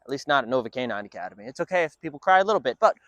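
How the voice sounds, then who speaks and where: A man's voice: mid-range voice, very animated, very fast, fairly bright tone, dry recording. A man working as a dog trainer, explaining his training session in an upbeat way between short firm commands to a dog.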